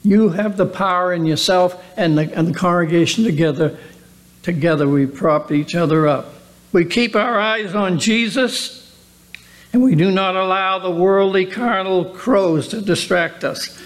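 A man's voice: high-pitched, fairly even intonation. A man pastor giving an earnest sermon with rhetorical questions. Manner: earnest, slow, drawn-out preaching with rhetorical questions.

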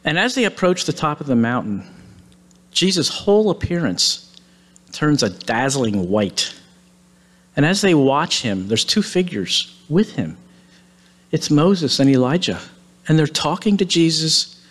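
A male preacher retelling a Bible story in a sermon, in a lively manner with casual asides. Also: on the high side, measured pace, pauses often.

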